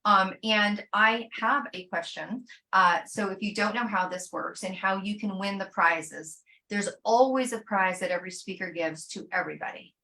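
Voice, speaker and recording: A woman hosting an online summit, effusive and warm in her thanks, with many fillers. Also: mid-range voice, moderate pace, few pauses. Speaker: summit host.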